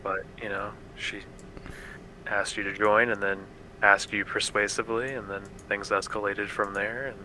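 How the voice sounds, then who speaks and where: A man's voice: lowish voice, flat delivery, normal speed, pushed and bright, a little hiss or hum, rough recording. A man running a tabletop game, patiently talking a player through a situation with hedging and fillers. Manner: patient, reasoning, hedging with um and you know. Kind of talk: calm table talk.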